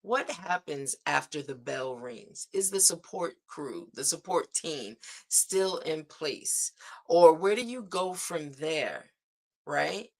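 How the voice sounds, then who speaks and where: A woman's voice: sits low, expressive. A woman hosting a devotional livestream, speaking earnestly with frequent "right?" asides. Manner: slow, earnest, with spoken declarations and frequent "right?". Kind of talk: inspirational devotional talk. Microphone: streaming setup.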